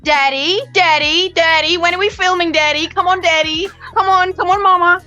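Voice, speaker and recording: A woman's voice: very high voice, fairly even intonation, normal speed, sharp tone, dull audio, faint music behind, voice pushed up. A woman doing a wheedling, pestering man's voice. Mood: wheedling, eager. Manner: whining, wheedling, insistent repetition. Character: impression of her male co-star as a pestering man.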